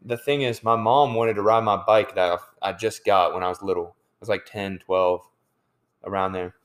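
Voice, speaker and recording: A man's voice: fairly low pitch, steady tone, moderate pace. A young man, telling a funny family story in loose slang and laughing often. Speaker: podcast co-host. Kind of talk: casual storytelling chat.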